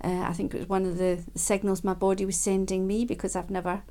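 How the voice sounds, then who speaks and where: A woman giving a gentle, unhurried self-help talk, with frequent ums and quiet laughs. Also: mid-range voice, flat delivery.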